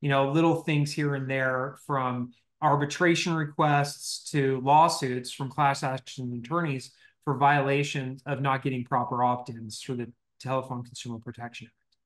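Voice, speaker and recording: A man of middle pitch explains legal compliance on a podcast. He talks casually and jokes, restarting his sentences as he goes. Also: steady tone, moderate pace. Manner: explanatory, joking, with false starts. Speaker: legal compliance expert, co-host.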